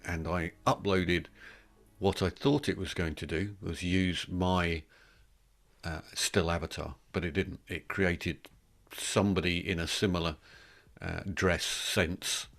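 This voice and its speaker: A man's voice: deep voice, fairly even intonation, measured pace, creaky, a bit bright, faint music behind. A man co-hosting a casual live stream chat, rambling and thoughtful, often trailing off. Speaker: co-host.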